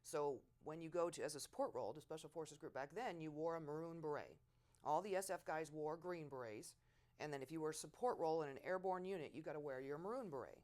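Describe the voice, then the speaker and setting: A middle-aged woman in an oral history interview, telling war stories in a lively way and acting out quotes loudly. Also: low-pitched, fast talker. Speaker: veteran interviewee.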